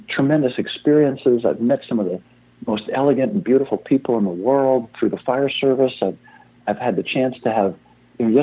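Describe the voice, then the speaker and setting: An older fire chief talks as an interview guest, wandering from thought to thought and running himself down with a laugh. His voice is husky. It comes through a thin, tinny phone line. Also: mid-range voice. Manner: rambling, self-deprecating, repeats himself. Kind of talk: casual interview talk.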